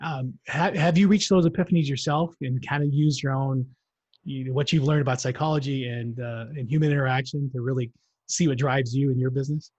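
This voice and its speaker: Husky-voiced man hosting a live show. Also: mid-range voice, steady tone, brisk, a little mellow, no room sound. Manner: chatty, rambling, with frequent fillers. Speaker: show host. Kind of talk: live-streamed interview show. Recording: dull, dry sound.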